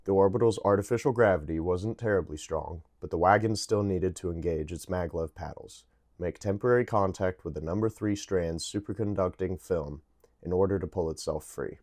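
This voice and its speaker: A man with a low, deep voice reads a science fiction novel aloud in an easygoing, unpolished way. He trips over words now and then and simply corrects himself and carries on. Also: normal speed, a little mellow. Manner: casual reading with stumbles and self-corrections. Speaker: book reader.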